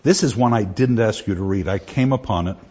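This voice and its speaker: A man giving a classroom lecture on poetry, enthusiastic and halting, with many restarts. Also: lowish voice, a little mellow, dull audio. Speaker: literature lecturer.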